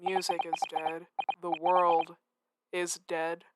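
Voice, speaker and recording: A woman voicing a gloomy, theatrical male detective, speaking low, quiet and mournful. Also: little pitch movement, slow pace, dry recording, rough recording.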